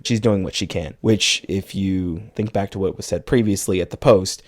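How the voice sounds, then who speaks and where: Low-voiced man recapping a film. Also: moderate pace, hardly any pauses, a little mellow. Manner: retells the plot at length, quotes characters in passing. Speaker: podcast co-host.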